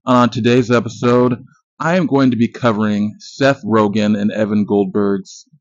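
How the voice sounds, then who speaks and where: A podcast host in his thirties delivers a casual movie review monologue, swearing, joking, and boasting throughout. His voice is on the low side with little pitch movement and a moderate pace, captured in a dull, lo-fi, dry recording with no echo.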